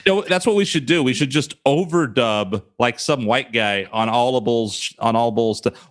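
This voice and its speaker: A man's voice: mid-range voice, normal speed, few pauses, fairly bright tone. A man hosting a podcast in a casual, jokey, laid-back way, often saying "like" and "you know". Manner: jokey, laid-back, says 'like' and 'you know'. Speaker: podcast host. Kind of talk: casual chat.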